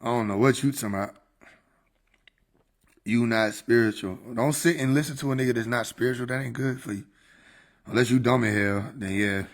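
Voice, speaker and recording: A man's voice: mid-range voice, a little fast, long pauses. A man chatting casually on a livestream, laid-back and slangy, laughing often. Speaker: livestream host.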